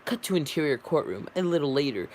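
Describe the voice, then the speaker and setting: A man reading a film script aloud, stumbling, correcting himself and filling pauses. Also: on the high side, big pitch swings, darkish tone, slight background noise. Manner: stumbling, self-correcting, with fillers. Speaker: reader.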